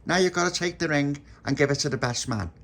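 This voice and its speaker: A man's voice: on the high side, fast, gravelly, fairly bright tone, pitched above the performer's own voice. A man playing a bossy raised-voice bride. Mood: correcting. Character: bossy practical grown woman bride.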